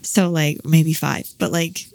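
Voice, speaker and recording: A woman's voice: low-pitched, level tone, slow pace, gravelly, darkish tone. A woman in her thirties chatting casually, a parent telling a long personal story with many fillers. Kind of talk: casual chat.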